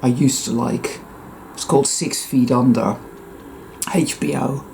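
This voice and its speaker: Rambling, sweary man with a mellow voice. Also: medium pitch, fairly even intonation, measured pace, vocal fry, slight background noise. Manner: profane, digressive, frequent self-interruptions. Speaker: vlogger. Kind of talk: rambling personal monologue.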